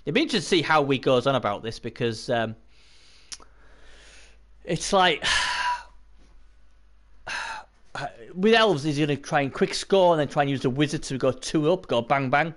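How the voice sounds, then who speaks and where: A man's voice: on the high side, lively intonation, normal speed, long pauses, a bit bright. A man giving casual live-stream commentary on a tabletop sports video game, rambling and chatting to viewers between points.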